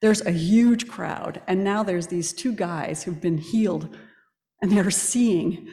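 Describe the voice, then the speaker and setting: A woman preaching a sermon in a church, telling the story in a lively way and quizzing the congregation. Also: mid-range voice, unhurried. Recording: echoey church hall.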